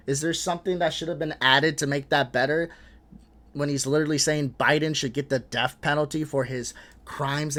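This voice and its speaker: A man hosting a reaction video, talking in a frustrated, animated way, swearing and laughing between points. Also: on the high side. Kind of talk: casual reaction commentary.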